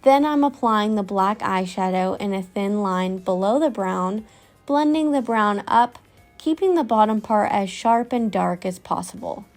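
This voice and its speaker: A woman narrating a makeup tutorial in a calm, step-by-step scripted voice-over. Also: medium pitch, a little slow, faint music behind.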